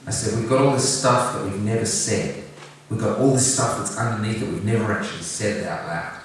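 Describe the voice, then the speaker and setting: Guy telling a heartfelt story, earnest and a bit jokey, lowish voice, far from the mic in a big echoey room. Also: brisk, slight background noise. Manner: earnest, direct, gently humorous. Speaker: singer-songwriter talking about his song. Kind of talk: heartfelt personal storytelling to an audience. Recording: echoey room, picked up from a distance, faint background ambience.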